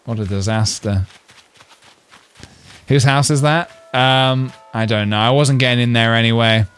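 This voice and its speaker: During a casual gameplay livestream, a man keeps up a playful, rambling chat full of jokes, laughs and fillers. His mid-range voice is smooth and a bit bright, with fairly even intonation at a normal speed.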